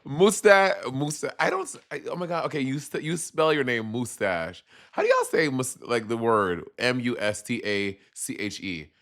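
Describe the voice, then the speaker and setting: A man's voice: medium pitch, normal speed. A man with a Caribbean accent chatting sassily to viewers on a casual live stream. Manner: sassy, animated, chatty with viewers.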